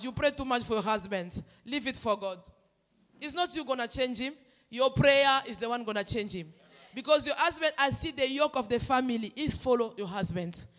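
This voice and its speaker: High-voiced prophetess in a reverberant hall. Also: female voice. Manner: impassioned and emphatic, swinging between loud declarations and soft asides. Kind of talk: prophetic ministry, delivering personal prophecy. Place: church hall.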